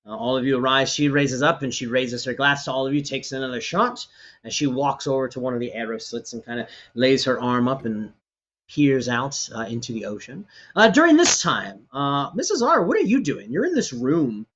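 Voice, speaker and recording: A man's voice: medium pitch, very animated, normal speed, a bit bright, muffled recording. A man narrating as game master, describing scenes in a rambling way with many fillers.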